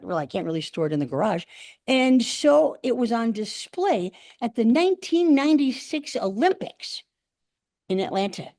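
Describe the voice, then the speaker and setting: At a speaking club meeting room, an older woman tells funny stories in a speech, animatedly performing the quoted lines. Her mid-range voice is captured in a dry, clean studio recording.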